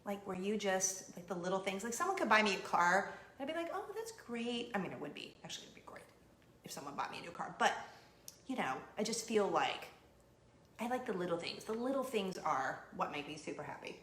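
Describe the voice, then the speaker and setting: A woman in her forties hosting a casual vlog, telling giddy stories with animated acted-out quotes. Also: medium pitch, fast, roomy sound, slight background noise. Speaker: vlog host. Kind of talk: casual chat to camera. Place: home in Orlando.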